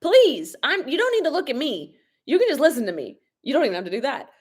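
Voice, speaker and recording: A woman's voice: sits high, big pitch swings, fast talker. A young adult woman chatting casually on a live stream from her kitchen, reading viewer comments and laughing often, a little sniffly from a cold. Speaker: vlogger hosting a live stream. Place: home, at a laptop in the kitchen. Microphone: laptop or phone camera propped up.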